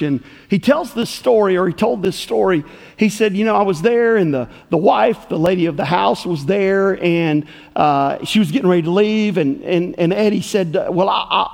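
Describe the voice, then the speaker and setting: A man's voice: high-pitched, a little mellow. A man preaching a sermon, telling a story with passion and folksy turns of phrase. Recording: long reverb of a hall.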